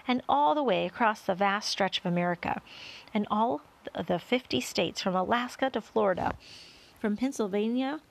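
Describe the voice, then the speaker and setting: A woman narrating a children's storybook with an expressive, varied delivery. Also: mid-range voice, moderate pace, creaky. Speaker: audiobook reader.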